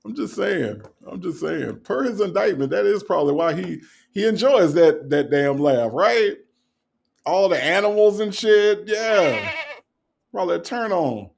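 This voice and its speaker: A man with a gravelly, creaky voice hosts a casual livestream in a slightly high register. His pitch swings widely as he reads viewer comments aloud and mocks them, laughing often and repeating lines. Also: very animated, measured pace, a little mellow. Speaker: livestream host reading chat.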